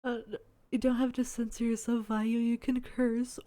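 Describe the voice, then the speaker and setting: A woman's voice: a little high, level tone, normal speed, warm tone. A woman streamer reacting live, hesitant and often laughing in confusion.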